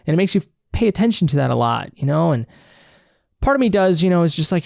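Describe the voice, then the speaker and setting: A man's voice: fairly high pitch, sing-song, fast, gravelly, a little mellow, dry recording, clean studio sound. A man hosting a casual solo podcast, rambling and swearing freely as he corrects himself mid-sentence. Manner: rambling, profane, self-correcting. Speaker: podcast host.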